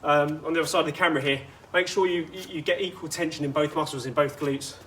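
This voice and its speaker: Male fitness coach, higher voice, chatty instructive delivery with asides, outdoor take with light ambience. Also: steady tone, fast, a bit bright, slight background noise. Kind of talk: guided workout instruction.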